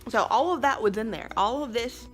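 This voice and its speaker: A woman's voice: fairly high pitch, fairly quick, soft background music. A young American woman telling a story in a casual vlog, chatty and emphatic, laughing often. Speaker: vlogger and English teacher abroad.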